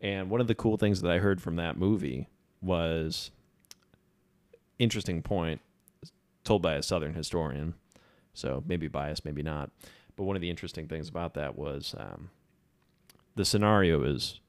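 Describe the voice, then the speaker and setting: A man's voice: deep voice, normal speed. A man from Ohio hosting a podcast, chatting casually and jokily in a rambling way. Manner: jokey, rambling, playful. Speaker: podcast host. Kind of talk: casual chat. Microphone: podcast mic indoors.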